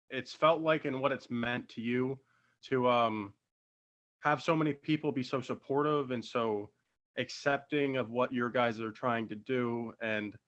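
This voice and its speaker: A man's voice: mid-range voice, fairly bright tone. A man hosting an interview, enthusiastic and effusive, with plenty of ums and uhs. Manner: enthusiastic and effusive, many fillers. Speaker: interview host. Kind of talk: casual interview talk. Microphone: video call. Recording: dull lo-fi video call audio.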